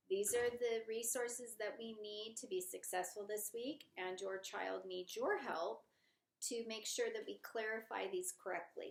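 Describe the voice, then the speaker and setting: A woman kindergarten teacher giving an online lesson to kids and parents, friendly and explaining slowly and clearly. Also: a little high. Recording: echoey room.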